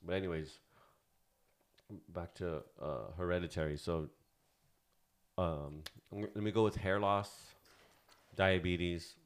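A man's voice: deep voice, fairly even intonation, measured pace, pauses often, clear, resonant tone. A man in his thirties co-hosting a casual podcast, rambling and swearing freely, with lots of fillers. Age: 30s. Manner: loose, profane and rambling, with many fillers. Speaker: podcast co-host.

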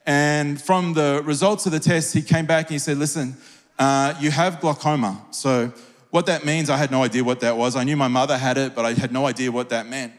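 A man's voice: medium pitch, fairly even intonation, a little fast. A middle-aged man, a pastor, preaching a sermon with an earnest, personal storytelling manner that builds into fervent prayer. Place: large church hall. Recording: long hall reverb.

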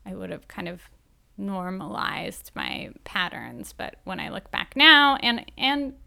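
A woman hosting a talk show, speaking in a candid, self-reflective personal monologue with a gentle, soothing manner. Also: medium pitch, wildly swooping pitch, unhurried, gravelly.

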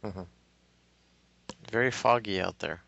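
A man's voice: fairly low pitch, slow, gravelly, fairly bright tone, dry recording. A man chatting casually with friends while they watch a movie, joking loosely and filling his talk with "like". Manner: loose, joking, filler-heavy. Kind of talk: casual chat with laughs. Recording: dull lo-fi home recording.

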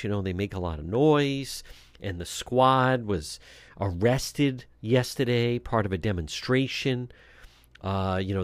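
Blunt, scornful talk radio host. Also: male voice, lowish voice, a little mellow, no echo. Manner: blunt and scornful, with frequent fillers and restarts. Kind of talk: opinionated political radio commentary.

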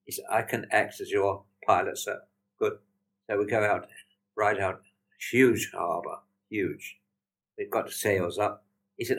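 A man's voice: lowish voice, a little slow, a bit bright, poor audio. An older British war veteran, a man telling plain-spoken anecdotes and acting out the dialogue he quotes. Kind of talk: anecdotal storytelling.

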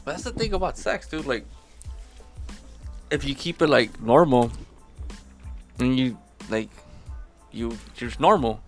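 A man's voice: mid-range voice, animated, a little slow, pauses often, soft background music. A man in crude casual podcast chat, blunt and teasing.

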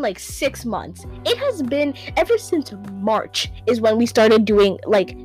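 A woman's voice: a little high, very animated, a little slow, a little mellow, soft background music. A young woman hosting a casual solo podcast, rambling, stumbling over hard words and laughing at herself, on a home microphone. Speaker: podcast host.

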